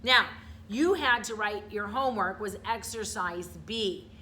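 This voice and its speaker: A woman's voice: medium pitch, unhurried, pushed and bright, a little hiss or hum. A middle-aged woman teacher giving an online grammar lesson, explaining patiently step by step and checking in with her students.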